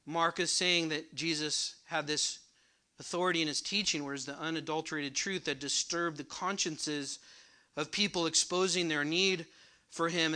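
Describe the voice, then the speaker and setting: A man's voice: on the high side, pushed and bright. A man preaching a sermon, asking the congregation questions and repeating words for emphasis. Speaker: pastor.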